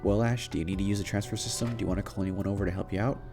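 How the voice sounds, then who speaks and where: A man voicing a serious, confident gym leader who speaks calmly and with command. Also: deep voice, racing, music in the background.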